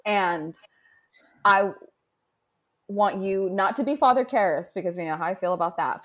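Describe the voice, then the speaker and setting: A woman from California co-hosting a podcast in casual chat, playful and quick to swear and giggle. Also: mid-range voice. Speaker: podcast co-host.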